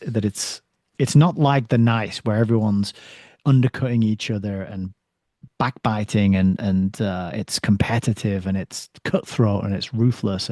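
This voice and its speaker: A man with a mellow, dark-toned voice hosts a relaxed book discussion. He reads passages aloud and chuckles between lines, recorded close and dry. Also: fairly low pitch, no echo. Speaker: podcast host.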